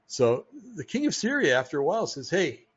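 A man's voice: a little high, very animated, brisk, slightly rough. Rambling American man, muffled audio. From United States. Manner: rambling, many "um"s and restarts. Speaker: podcast host. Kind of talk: casual religious talk monologue.

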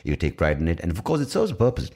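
A man's voice: low-pitched, very animated, rapid-fire, a little mellow. A young man hosting a casual solo podcast, rambling and irreverent and swearing often. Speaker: podcast host.

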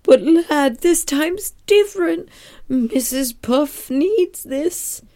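A gruff, greedy old crab boss who talks like a pirate and pleads over money, as a woman puts him on in a raised, strained voice. Cartoon recap impression. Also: high voice, lively intonation, slow, mellow, pitched above the performer's own voice, full character voice. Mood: begging.

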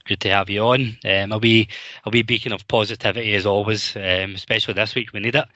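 Scottish male podcast host, bright low voice, easygoing chat, dull lo-fi sound. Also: steady tone, fast, no room sound. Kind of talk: casual chat.

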